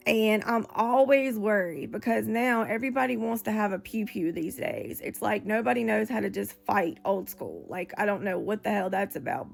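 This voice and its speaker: A woman's voice: mid-range voice, gravelly. A young woman, chatting casually to her viewers in a rambling way, with lots of "like" fillers and casual swearing. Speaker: vlogger. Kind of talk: casual chat to camera.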